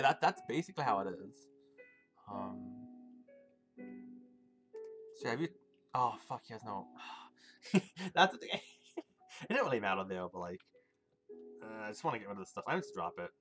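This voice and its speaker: Brief: male gaming streamer, lively pitch, rambling casual chat, music playing behind. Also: a little slow, pauses often. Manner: chatty, rambling, swears casually, answers chat. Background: game music.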